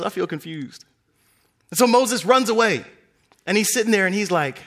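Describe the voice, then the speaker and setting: Young male preacher, high and highly expressive voice, animated storyteller. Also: normal speed, gravelly, pauses often. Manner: animated storytelling, acting out characters with big pitch swings. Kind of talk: sermon.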